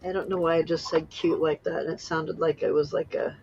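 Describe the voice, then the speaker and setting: A woman's voice: sits low, level tone, brisk, darkish tone, breathy edge. A woman in her sixties from California, chatting and laughing easily with friends. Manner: giggly, easygoing. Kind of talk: casual chat. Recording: muffled, noisy call audio.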